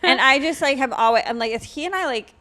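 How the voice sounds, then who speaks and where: A woman's voice: sits high, animated, a little fast, bright, forceful tone. A woman podcast host in casual chat, blunt and laughing often, swearing freely.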